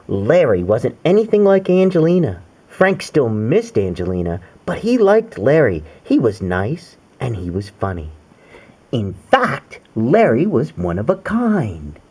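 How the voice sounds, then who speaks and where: This is a father sharing a picture book with his young daughter in a playful, sing-song way, pausing to make animal noises and quiz her. His medium-pitched voice swoops wildly, moving unhurriedly with a touch of mellowness and a breathy edge.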